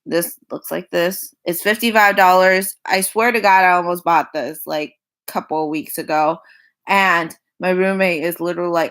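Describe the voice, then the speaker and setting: A young woman with a slightly low voice talks her way through a makeup wishlist in a loose, chatty vlog manner. She repeats her points and lets sighs and small laughs fall between items. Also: moderate pace, fairly bright tone. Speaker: makeup vlogger. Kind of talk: casual product rundown.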